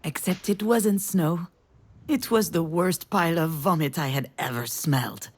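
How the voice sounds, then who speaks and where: A woman's voice: low-pitched, a little slow, slightly rough. An actress playing a mother who tells her grown daughter a family memory in a tender storytelling voice. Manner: tender storytelling, rising with emotion.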